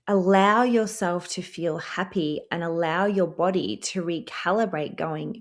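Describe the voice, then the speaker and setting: A woman hosting a spiritual self-help podcast, talking earnestly and slowing down to repeat calm affirmations and guide breathing. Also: fairly low pitch. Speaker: podcast host.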